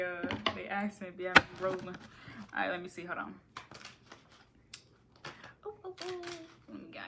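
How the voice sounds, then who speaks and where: A woman's voice: medium pitch, very noisy. A woman giving a casual tarot reading, playful and rambling, with slangy asides and frequent laughter. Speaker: tarot reader.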